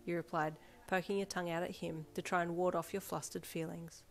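A woman narrating a second-person fan fiction story in a steady storytelling voice. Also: fairly low pitch, brisk, few pauses. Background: soft backing music.

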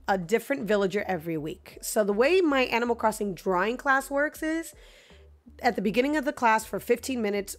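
A woman streaming a video game live, chatting with her viewers, laughing often and talking back to the game characters into her microphone. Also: medium pitch. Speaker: gaming streamer.

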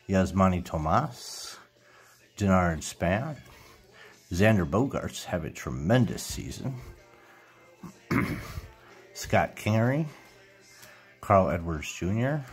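A middle-aged man casually chatting while opening baseball card packs, reading out player names and tripping over a few. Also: low voice. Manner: reads player names one after another, trips over names and corrects himself. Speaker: card collecting YouTuber.

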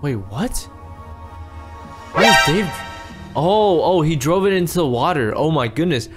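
A man's voice: a little high, expressive, unhurried, loud music behind the voice. A man acting out a game role-play as a frantic father, pleading and repeating himself. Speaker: role-play creator and lead player.

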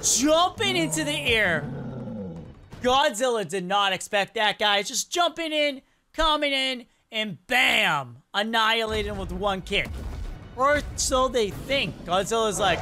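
A reaction video host giving excited play-by-play commentary and talking straight to viewers. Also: medium pitch, measured pace, background noise. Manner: hyped, exclamatory, talks to viewers.

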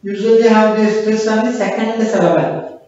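A man teaching a casual beginner's language class, explaining slowly and repeating sounds for his students. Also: high-pitched, fairly even intonation, a little mellow. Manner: explains slowly with repetition, drills pronunciation aloud. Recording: echoey room, far from the mic, dull sound.

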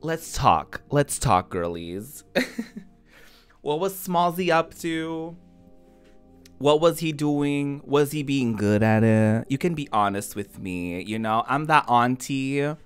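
A woman streamer chatting casually over gameplay, giggly and excitable with sudden squeals. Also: extremely low pitch, slow pace, clean tone, faint music behind.

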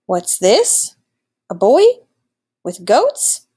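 A woman's voice: mid-range voice, huge pitch swings, drawn-out words, mellow, breathy edge, full character voice. Woman doing a cranky old storybook wolf, hungry, growly and grumbling, swooping up and down. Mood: hungry eager.

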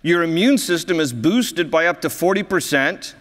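A man's voice: a little high, animated, moderate pace, a bit bright. A male pastor preaching a sermon, a jovial storyteller who often laughs at his own stories. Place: church sanctuary. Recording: reverberant church hall.

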